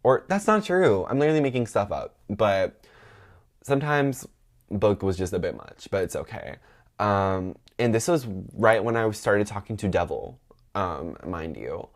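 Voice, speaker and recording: A man's voice: lowish voice, sing-song, a little slow. A man in his twenties telling a long, gossipy personal story on a podcast, chatty and full of fillers and asides. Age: 20s. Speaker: podcast host. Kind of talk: casual storytelling.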